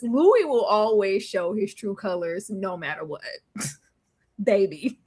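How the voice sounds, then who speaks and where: A woman's voice: medium pitch, very animated, slow pace, warm tone. A woman hosting a live discussion of a TV episode, laughing often and acting out the characters' lines. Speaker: host.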